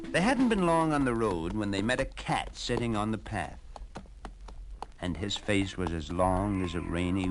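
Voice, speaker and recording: Animated male storyteller, low and slow. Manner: animated, expressive. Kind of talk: children's storybook narration.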